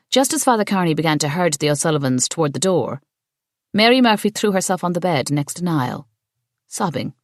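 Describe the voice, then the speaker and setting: A woman narrating an audiobook in steady, measured scripted narration. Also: low-pitched, no room sound, studio quality.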